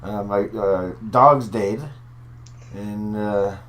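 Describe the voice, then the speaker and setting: A man's voice: on the low side, drawn-out words, a bit bright. A man with a Newfoundland accent co-hosting a podcast at home, joking and swearing as he rambles through stories. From Newfoundland, Canada. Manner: joking, profane, rambling storyteller. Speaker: podcast co-host. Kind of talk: casual chat.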